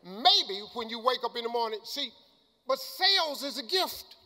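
Older guy preaching about finding your gift, high voice, echoey hall. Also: lively intonation, moderate pace. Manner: colloquial, emphatic, rises to shouts. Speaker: motivational speaker. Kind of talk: motivational speech with storytelling. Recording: long hall reverb.

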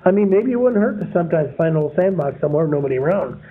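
A man's voice: sits high, expressive, fast, a little hiss or hum. A man giving a folksy, rambling sermon full of homespun stories, chuckling at his own anecdotes. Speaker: preacher. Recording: phone-like narrow sound.

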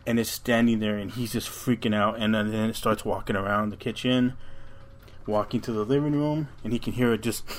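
A man with a fairly low voice spins a creepy story for his podcast co-host. He rambles along and swears freely, often backing up to restart a sentence. It sounds like casual chat between friends. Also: steady tone, fairly quick. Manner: rambling, profane retelling with frequent restarts.

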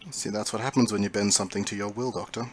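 Man doing a soft-spoken sneering villain. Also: fairly low pitch, steady tone, slight background noise, lightly acted. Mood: menacing. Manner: soft, drawn-out, sneering and half-whispered. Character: cold, smug male villain commanding cyborg swarm.

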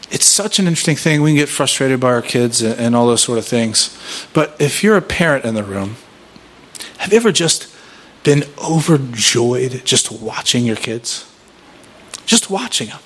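A man in his thirties gives a sermon-style workshop talk in a husky, medium-pitched, expressive voice, unhurried and pausing often. He is casual and self-deprecating, sharing family stories and posing rhetorical questions to the room.

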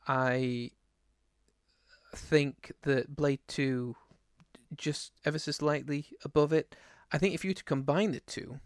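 A man's voice: fairly high pitch, fairly even intonation, takes it slowly, smooth, dry recording, clean studio sound. A man co-hosting a casual podcast, rambling and self-deprecating, with lots of fillers. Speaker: podcast co-host. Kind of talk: casual chat.

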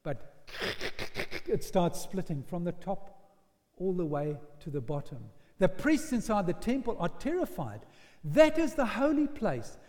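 A male preacher tells his sermon like a story in an unhurried way, his high voice swinging widely in pitch. He drops to hushed lines, then bursts into loud shouted quotes. The long reverb of a church hall carries the sound.

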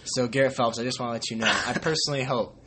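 A man's voice: medium pitch, steady tone, racing, bright, forceful tone, a little hiss or hum. Young man rambling jokily about football. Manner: joking, rambling, bursts into silly quoted voices. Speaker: podcast host. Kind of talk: casual sports chat.

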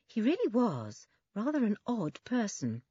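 A woman narrating a children's adventure story in an expressive, lively reading. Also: on the high side, measured pace, breathy edge, no echo, dull audio. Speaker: audiobook narrator.

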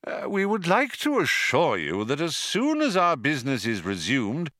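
A man reading an audiobook and voicing an old recorded announcer from an ancient world, hollow and reedy, polite with quiet menace. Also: a little high, huge pitch swings, normal speed, no room sound, clean studio sound, voice pushed up. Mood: courteous.

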